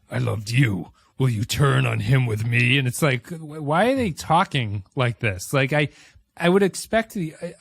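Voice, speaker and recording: A man's voice: medium pitch, no echo. Questioning male podcast co-host. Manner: questioning, analytical. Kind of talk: casual review chat.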